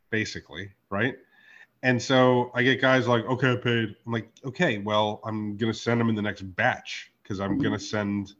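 Man, podcast host, casual chat, swearing, acts out dialogue, muffled lo-fi audio. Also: medium pitch. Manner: profane, storytelling with reenacted dialogue.

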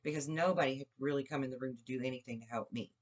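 A woman's voice: rumbling low, rapid-fire. A woman recounting a personal experience in a rambling, conversational way, with frequent fillers and restarts. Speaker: podcast speaker. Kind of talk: personal storytelling.

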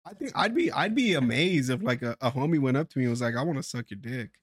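A man's voice: mid-range voice, lively intonation, quick pace, dry recording, studio quality. A young man co-hosting a podcast in casual chat, throwing out crude joking questions. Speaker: podcast co-host.

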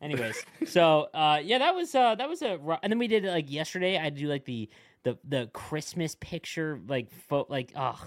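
A young man hosting a casual gaming podcast, chatty and quick to react. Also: a little high, lively intonation, dry recording. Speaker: podcast host. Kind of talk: casual chat.

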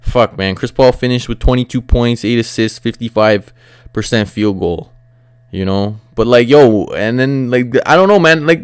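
A young man talks straight into the mic in a smooth, clean voice with a dry, close sound. He rants on his solo sports podcast, frustrated and profane, and rambles with plenty of filler words. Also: mid-range voice, no echo. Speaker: podcast host.

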